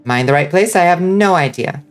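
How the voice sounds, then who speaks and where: A woman's voice: lowish voice, lively intonation, fast, faint music behind. A woman streaming a video game, chatting casually with viewers and swearing freely. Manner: chatty, profane, reacting to chat. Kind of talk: casual gaming commentary.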